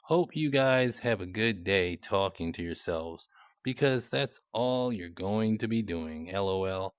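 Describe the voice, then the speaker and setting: Slow-talking sarcastic young man. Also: lowish voice, lively intonation, no echo, clean studio sound. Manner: mocking, sarcastic. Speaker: content creator. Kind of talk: casual commentary on chat messages.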